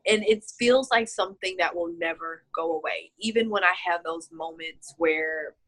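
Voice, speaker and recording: In a casual video-call interview, a woman talks about her healing, heartfelt and choked up, with many fillers. Her voice is lowish and a bit bright at a moderate pace, and the audio quality is poor.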